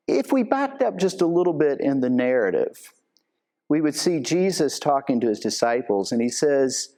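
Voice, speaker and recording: A man's voice: medium pitch, lively intonation, normal speed, darkish tone. A man, a church elder, giving an earnest devotional talk that retells a scripture story with feeling. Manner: earnest storytelling, acts out quoted lines.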